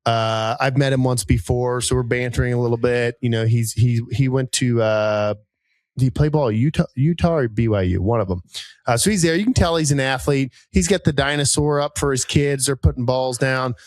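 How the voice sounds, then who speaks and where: A man in his thirties, a podcast co-host telling a rambling, animated story with many fillers and jumps into high voices for people he quotes. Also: brisk, no echo. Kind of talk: casual storytelling chat.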